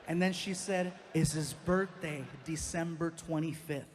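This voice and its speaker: Animated high-voiced male stand-up comic. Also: measured pace, hardly any pauses, noisy background. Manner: animated, acts out quotes with big pitch jumps. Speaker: stand-up comedian. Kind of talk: stand-up storytelling.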